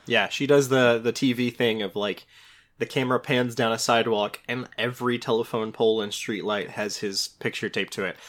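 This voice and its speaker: Man, podcast co-host, casual review chat, rambling, enthusiastic, average pitch. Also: fairly even intonation, normal speed, a bit bright. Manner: enthusiastic, rambling, laughs easily.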